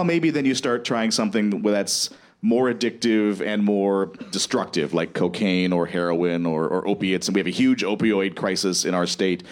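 A man, a teacher explaining politics in a casual radio talk, rambling and correcting himself. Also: lowish voice. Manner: rambling, self-correcting, laughs often. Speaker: political science teacher, guest.

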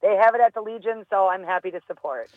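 A woman's voice: medium pitch, quick pace, no echo. A woman who directs a festival, calling in by phone and chatting in a friendly way with easy laughs. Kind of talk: casual interview. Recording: tinny phone line.

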